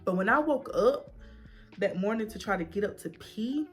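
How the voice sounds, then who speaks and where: A woman's voice: mid-range voice, moderate pace, faint music behind. Woman telling a hard personal story. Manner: casual and animated, acts out voices in quotes. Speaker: vlogger.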